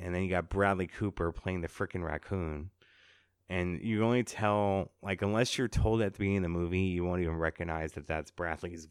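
A man's voice: sits low, smooth, no room sound, clean studio sound. A man hosting a podcast, chatting casually about entertainment news, with sarcastic asides. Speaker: podcast host. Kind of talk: casual pop-culture chat.

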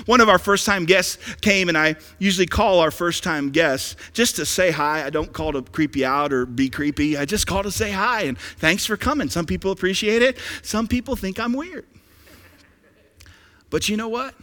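A male pastor preaching a sermon, animated, dropping to hushed lines and rising to excited peaks. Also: sits high, moderate pace. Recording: echoey hall.

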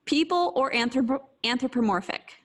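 A woman hosting a podcast interview, asking brisk quiz-style questions and laughing often. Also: high voice, lively intonation, fairly bright tone. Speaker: podcast host. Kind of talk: casual interview.

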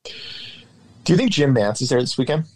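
A man's voice: mid-range voice, big pitch swings, moderate pace, a little mellow. A man co-hosting a casual podcast chat, teasing the others and tossing out questions. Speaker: podcast co-host.

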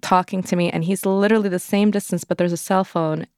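A woman's voice: fairly low pitch, steady tone, fast, darkish tone, no echo, studio quality. A young woman telling a personal story in an interview, candid and loose, full of "like" fillers. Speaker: interview guest.

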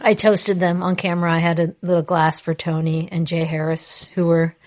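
A woman's voice: fairly low pitch, moderate pace. A woman co-hosting a podcast, chatting casually and telling stories with lots of laughter. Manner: playful, laughing, animated storytelling. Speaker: podcast co-host. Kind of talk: casual chat.

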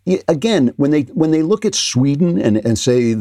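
A man's voice: fairly high pitch, big pitch swings, normal speed, mellow, no echo, studio quality. An older man hosting a political commentary show, delivering an opinionated monologue with sarcastic asides and frequent restarts.

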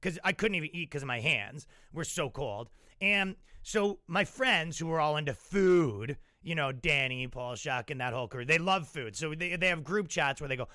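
A man hosting a podcast, telling rambling comic stories and mocking people with quick impressions. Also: a little high, animated, pushed and bright, no room sound, studio quality. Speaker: podcast host. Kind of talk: casual comedic monologue. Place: New York.

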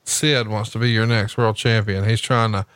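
A man's voice: on the low side, steady tone, normal speed, a bit bright, clear, resonant tone, no room sound. A man co-hosting a podcast, joking and teasing his partner in a profane, casual way. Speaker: podcast co-host. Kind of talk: casual podcast chat, mock commentary.

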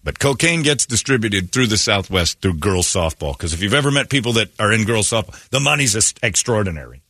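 A man in his fifties hosting morning radio, spinning sarcastic stories with frequent laughter. His low, bright voice has a husky edge and leaps around in pitch. The sound is dry and close. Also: fairly quick, no room sound. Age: 50s. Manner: animated, laughing, sarcastic storytelling. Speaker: radio show host.

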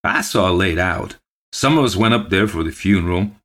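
Old country postmaster, low and soothing, read by a male narrator. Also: fairly quick. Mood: earnest. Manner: calm, placating, murmuring.

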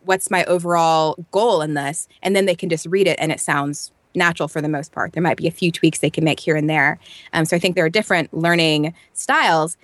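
A woman's voice: sits low, a little fast, no echo. A woman with a Midwestern accent, a voice-over artist and teacher, explaining her work in a casual interview. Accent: Midwestern American. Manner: relaxed, explanatory, chatty.

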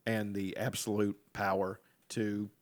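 A man in casual podcast chat, swearing freely, laughing often, and slipping into loud impressions. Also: on the low side, flat delivery, measured pace.

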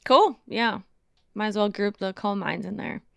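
A woman's voice: medium pitch, normal speed, creaky, no room sound. A woman from Kentucky hosting a casual podcast chat, joking and laughing often. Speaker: podcast host.

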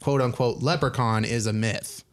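A man's voice: mid-range voice, fairly even intonation, moderate pace. A young man narrating a tabletop game as game master, loose and rambling with many fillers.

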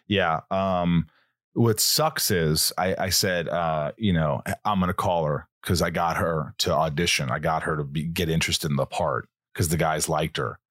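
A man from Southern Indiana hosting a podcast, talking in a relaxed, rambling way with casual swearing. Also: rumbling low, moderate pace, no room sound, studio quality. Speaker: podcast host.

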